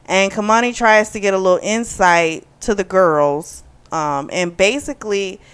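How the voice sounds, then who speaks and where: A woman's voice: mid-range voice, smooth. A woman hosting a book club channel, giving a chatty, opinionated review full of fillers.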